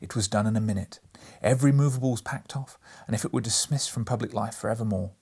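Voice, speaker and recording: A man narrating an audiobook with a lively, expressive reading, dropping some lines to near a whisper. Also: fairly low pitch, fast talker, breathy edge. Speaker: audiobook reader.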